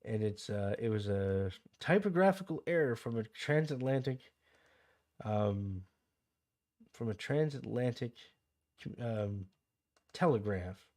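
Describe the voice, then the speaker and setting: Canadian male streamer, young adult, rambling casual delivery, average pitch. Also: lively intonation, takes it slowly, long pauses, darkish tone. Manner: rambling, digresses into anecdotes, reads chat aloud. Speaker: livestream host. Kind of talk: casual livestream chat about a game.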